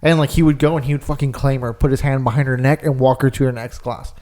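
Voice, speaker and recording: A man's voice: mid-range voice, steady tone, fast talker, mellow. A young man co-hosting a podcast, telling a long story in casual chat and leaning hard on fillers. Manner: rambling storyteller, lots of "like". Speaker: podcast co-host.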